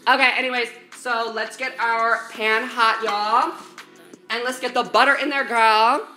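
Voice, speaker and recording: Bright-voiced woman streaming from her kitchen, sassy and sweary, calls chat baby. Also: on the high side, steady tone, measured pace. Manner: sassy, chatty, swears a lot, calls viewers baby and girl. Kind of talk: casual live-stream chat while cooking. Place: home kitchen. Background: faint music.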